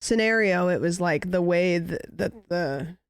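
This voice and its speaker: A woman's voice: lowish voice, unhurried, clear, resonant tone, dry recording, studio quality. A young woman streamer in casual chat, rambling and musing aloud with lots of "like" fillers.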